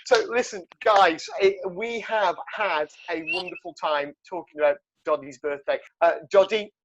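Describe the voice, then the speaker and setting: A man's voice: a little high, dull audio. A man hosting a podcast, wrapping up with a loose, rambling sign-off full of fillers. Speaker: podcast host. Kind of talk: casual sign-off.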